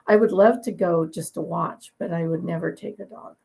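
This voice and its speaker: A woman's voice: on the low side, normal speed, creaky, darkish tone, slightly rough, low-quality recording. A woman dog breeder being interviewed, telling long, opinionated stories in a chatty way and laughing now and then. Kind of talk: conversational interview storytelling.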